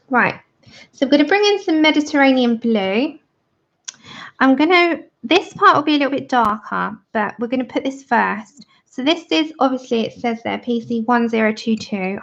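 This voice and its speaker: A woman's voice: fairly high pitch, creaky. A woman in her thirties chatting casually and giggling while she demonstrates colouring on a livestream. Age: 30s. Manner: chatty, giggly, reads out viewer comments. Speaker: livestream host colouring with viewers. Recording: dull lo-fi livestream audio.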